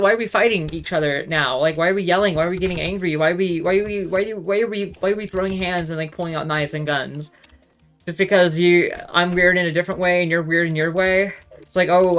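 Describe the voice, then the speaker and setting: A solo talk show host rants casually in a rambling monologue, swearing freely and filling every gap with "like." The voice is medium-pitched and a bit bright.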